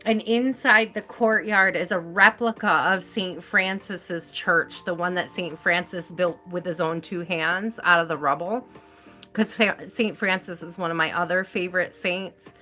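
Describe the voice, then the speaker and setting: A woman hosting a live stream talks in an unhurried, gushing way, padding her sentences with fillers and breaking into laughs. Her voice is bright and clear, and soft music plays faintly behind her. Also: fairly low pitch, steady tone. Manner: chatty and effusive, laughs often, many fillers. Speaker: tarot reader, live stream host. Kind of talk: casual live-stream chat.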